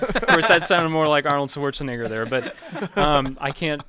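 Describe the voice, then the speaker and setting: A man's voice: a little high, normal speed, few pauses, sharp tone, clear, resonant tone. A man hosting a casual podcast, telling stories in a rambling way and laughing often. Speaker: podcast host.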